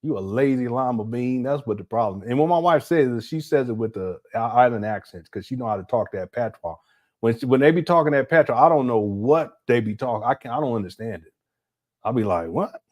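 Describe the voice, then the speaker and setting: A man's voice: medium pitch, lively intonation, fairly quick, a little mellow. A man hosting casual reaction commentary in a jokey, rambling way, laughing often and calling his viewers family. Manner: slangy, addresses viewers as family. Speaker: commentary host.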